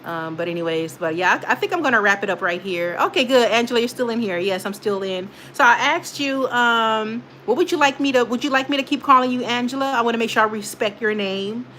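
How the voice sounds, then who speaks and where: A woman's voice: on the high side, fairly quick, few pauses, sharp tone, slight background noise. A young woman hosting a casual livestream, chatting straight to her viewers and reading their comments, rambling with many fillers. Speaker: channel host reading live chat.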